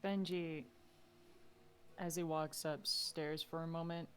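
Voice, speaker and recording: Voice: medium pitch, steady tone, slow, a bit bright. A player in a tabletop game, casually narrating a character's actions with fillers.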